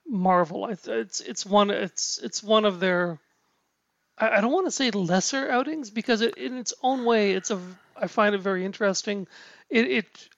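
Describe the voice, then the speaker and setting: A man chatting casually about a film, halting often with restarts, fillers and casual swearing. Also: high voice, creaky, a bit bright, no room sound. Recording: dull lo-fi sound.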